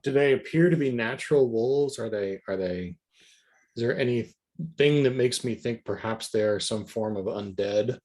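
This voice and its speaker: A man's voice: mid-range voice, moderate pace, a little mellow. A man playing in a tabletop game, talking hesitantly and searching for words as he decides his actions. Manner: hesitant, full of fillers and restarts. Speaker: player.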